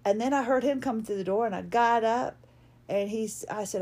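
A woman's voice: on the high side, brisk, a little mellow. Chatty woman rambling on. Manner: chatty, rambling, frequent restarts and laughs. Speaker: podcast host. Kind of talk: casual personal monologue.

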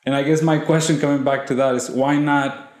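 A man's voice: on the high side, level tone, fairly quick, darkish tone. A man interviewing an artist in a casual conversation, eager and admiring, who often cuts in with questions. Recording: roomy echo.

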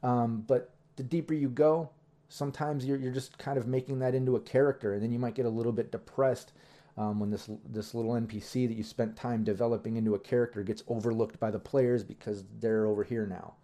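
A man who runs tabletop games, giving casual advice in a rambling, relaxed way full of ums and you-knows. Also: medium pitch, a little fast. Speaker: game master giving tips. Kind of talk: casual instructional talk.

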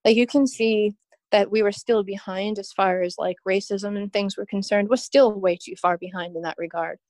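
A woman's voice: mid-range voice, fairly even intonation, normal speed, a little mellow, no echo. Woman, podcast guest, casual chat, rambling, earnest, laughs easily, dry close sound.

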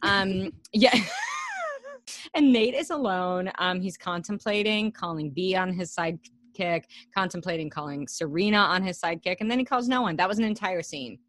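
A woman's voice: on the low side, moderate pace, fairly bright tone. A young adult woman co-hosting a podcast, chatting casually about a TV episode, swearing freely and acting out characters' lines. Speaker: podcast co-host. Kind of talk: casual chat recapping a TV episode.

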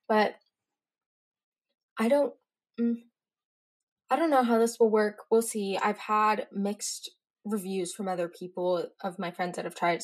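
A teenage girl hosting her own podcast, telling stories in a chatty, rambling way with quick asides. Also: mid-range voice. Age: teens. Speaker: podcast host. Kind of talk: casual solo podcast chat.

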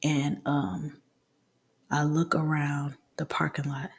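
A young woman in her twenties talks through a personal story for her podcast, her voice hushed and often dropping into a half-whisper. The tone is gravelly and husky, and the telling is candid and rambling, full of restarts. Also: deep voice, level tone, slow. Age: 20s.

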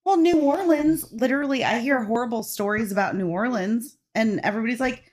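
A woman's voice: a little high, brisk, darkish tone. Laughing, defensive woman in her thirties. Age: 30s. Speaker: podcast guest. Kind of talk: casual chat.

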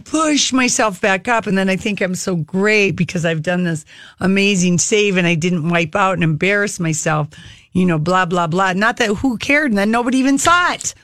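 A chatty woman co-hosting a radio show, talking over a studio microphone in a dry, close sound. Her voice sits in an ordinary middle pitch and she rambles through stories with lively energy. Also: normal speed, no room sound. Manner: chatty, animated storyteller. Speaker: radio co-host. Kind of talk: casual radio chat.

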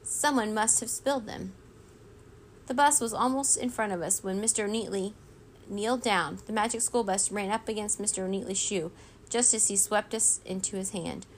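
A woman reading a children's storybook aloud in a steady, expressive way. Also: mid-range voice, brisk, a little hiss or hum. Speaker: reader.

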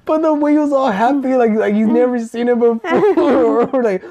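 A woman's voice: a little high, normal speed, warm tone, muffled recording. A young woman hosting a podcast, telling stories in loose, profane casual chat with lots of laughter. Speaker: podcast host.

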